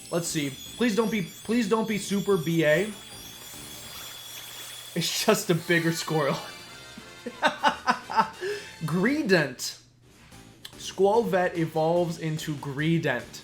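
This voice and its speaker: A man's voice: high voice, lively intonation, slow, pauses often. A man giving casual, playful commentary while playing a video game, chatting and muttering asides. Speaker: let's play streamer. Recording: faint game music behind.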